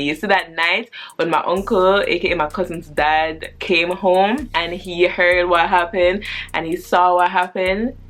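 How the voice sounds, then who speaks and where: Chatty twenty-something woman vlogger, low voice. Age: 20s. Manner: animated, chatty storytelling with slang and swearing. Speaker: vlogger telling a personal story. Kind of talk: casual storytime vlog.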